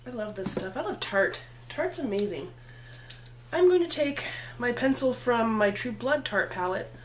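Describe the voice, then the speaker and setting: A woman's voice: a little high, expressive, moderate pace, noisy background. A woman chatting playfully through a makeup tutorial, talking to herself as she works. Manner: chatty, playful, talks to herself while working. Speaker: makeup vlogger. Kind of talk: casual makeup tutorial chat.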